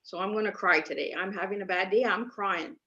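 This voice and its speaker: A woman's voice: medium pitch, steady tone, fairly quick, pushed and bright. A woman from Canada, a podcast guest, telling her personal story in an earnest, emphatic way and repeating herself for stress over a remote call. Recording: dull lo-fi remote audio.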